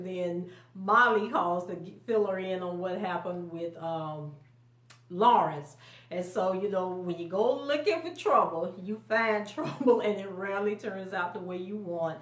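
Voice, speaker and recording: A woman's voice: mid-range voice, fairly bright tone. A woman recapping a TV episode in a casual, chatty way, laughing often and acting out quotes in a raised voice. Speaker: TV recap vlogger. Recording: roomy echo, mic at a distance.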